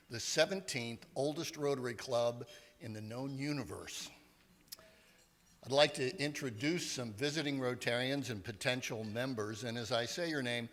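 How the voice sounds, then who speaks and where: A man's voice: medium pitch, fairly bright tone. A man acting as sergeant at arms at a club meeting, formally welcoming and introducing guests by name. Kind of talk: meeting announcements. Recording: echoey hall.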